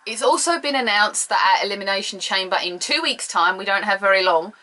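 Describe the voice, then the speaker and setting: A woman's voice: medium pitch, lively intonation, brisk, pushed and bright, poor audio. A British woman from the UK giving a casual solo review, blunt, sarcastic and opinionated. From United Kingdom. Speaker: show reviewer.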